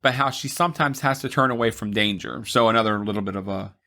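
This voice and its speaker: Male podcast co-host, bright and forceful, casual plot recap with laughing asides. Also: lowish voice, fast. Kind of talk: casual movie recap chat.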